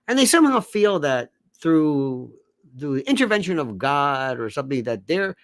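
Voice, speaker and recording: In a dry, echo-free, close-miked recording, a man delivers an animated political rant. His voice swoops lively from shouts down to low mutters as he mocks sarcastically and does quick voices of other people.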